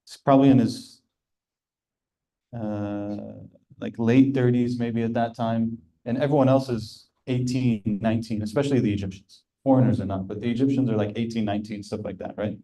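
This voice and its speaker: A man's voice: mid-range voice, fairly even intonation, normal speed, mellow, rough recording. A man teaching a religious class, telling stories in a conversational way and chuckling as he goes. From United States. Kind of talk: storytelling lecture.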